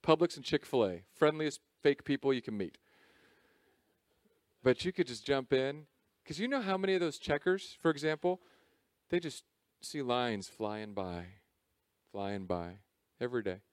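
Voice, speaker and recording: Animated male pastor preaching. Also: medium pitch, a little slow, dry recording, studio quality. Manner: animated, conversational preaching with jokes. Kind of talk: sermon. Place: church service.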